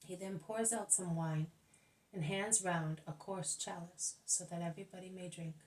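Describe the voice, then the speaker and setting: A woman's voice: on the low side, fairly even intonation, moderate pace, a little mellow. Woman reading a religious text in an echoey room. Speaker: audiobook narrator. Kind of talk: scripted religious narration.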